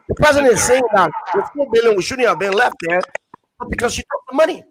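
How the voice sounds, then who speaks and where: A man from Liberia with a very high voice argues with passion on a forum panel, repeating his points for emphasis. Faint noise sits under the recording. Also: animated, fast. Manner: emphatic, reads quotes aloud, repeats phrases. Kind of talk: impassioned political argument.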